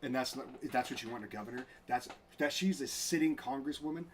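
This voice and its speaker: A man hosting a casual commentary show, sounding indignant and rambling through restarts and fillers. His voice sits at an ordinary middle pitch. A faint hiss of noise runs underneath. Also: quick pace. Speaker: host. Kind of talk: casual commentary reading out messages.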